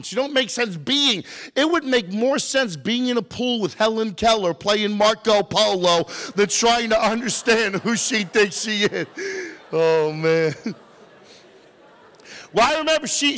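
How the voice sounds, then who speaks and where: Man, motivational speaker, playful, teasing, high voice, echoing hall. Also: a bit bright. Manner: playful, teasing, joking with audience members. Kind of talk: comedic motivational talk to a youth audience.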